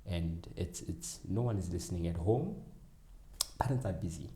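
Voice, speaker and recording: In a conversational interview, a guest who is an educator and runs a tutoring business speaks earnestly, acting out his conversations with kids. His deep voice moves at a normal speed and sounds mellow against a reverberant backdrop.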